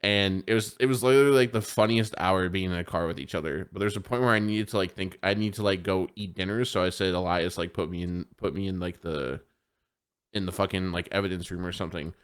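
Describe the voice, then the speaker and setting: A man with a fairly low voice chats casually on a live podcast. He tells stories in a loose, animated way, swears freely and acts out what others said. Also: quick pace, smooth. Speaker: podcast co-host. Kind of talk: casual chat.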